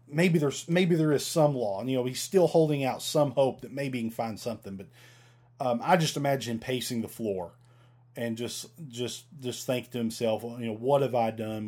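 A man's voice: medium pitch, darkish tone. A man teaching a Bible passage in a casual, conversational way, reading verses and stumbling over archaic words.

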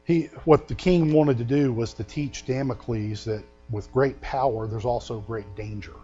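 A man preaching a sermon, telling stories and reading scripture with loud emphasis. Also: mid-range voice, normal speed, dull audio, faint music behind. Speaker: pastor.

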